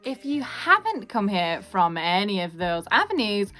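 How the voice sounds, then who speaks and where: A woman's voice: mid-range voice, sing-song, measured pace, pushed and bright, faint music behind. A young woman, hosting her own channel and talking frankly and earnestly, repeating phrases for emphasis. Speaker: YouTube host. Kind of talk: candid personal vlog talk.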